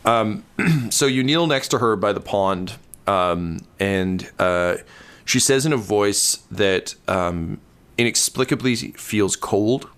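A man narrating a tabletop role-playing game as game master, halting with many ums and uhs. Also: on the low side, a bit bright, clear, resonant tone.

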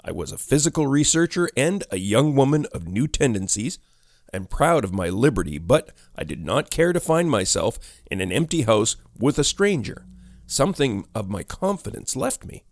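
A man narrating a ghost story in a measured storytelling delivery. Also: medium pitch, very animated, dry recording, studio quality.

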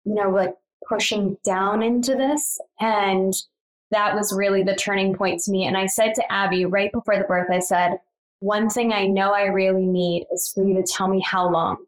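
A woman in her thirties recounts a personal story in a relaxed, chatty way. Her voice sits at an ordinary middle pitch. She jumps higher whenever she acts out what someone said. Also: normal speed, poor audio. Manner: animated, acts out quoted lines with higher pitch, frequent fillers. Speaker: guest telling her birth story. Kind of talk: casual conversational storytelling.

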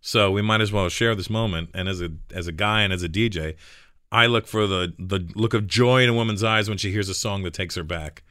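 A man, a comedian guest telling animated stories in a casual radio studio interview. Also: fairly low pitch, fairly quick, clean tone, no echo. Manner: animated storyteller acting out voices in his anecdotes. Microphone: studio microphone.

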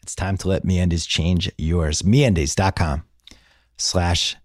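Low-voiced man hosting a podcast. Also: fairly even intonation, slow, darkish tone, no room sound, studio quality. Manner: easygoing, conversational. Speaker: podcast host. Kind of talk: casual chat and host-read ad.

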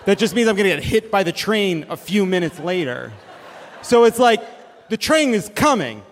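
A man in his forties hosting a live comedy show, rambling and self-mocking, with occasional bursts of shouting. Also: high-pitched, very animated, moderate pace. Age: 40s. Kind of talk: live stand-up banter. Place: theater stage with live audience. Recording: reverberant venue with crowd noise.

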